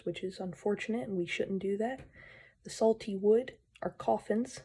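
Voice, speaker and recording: A woman reads a moral story and speaks to her viewers in an earnest, gentle, pleading way. She takes her time over every phrase. Her voice is mellow and a little breathy. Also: mid-range voice. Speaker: storyteller and channel host.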